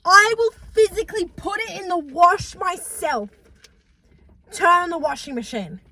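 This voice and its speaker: High, lively young woman. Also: unhurried, no room sound. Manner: animated, teasing, swears freely, laughs often. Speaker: co-host. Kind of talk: casual chat.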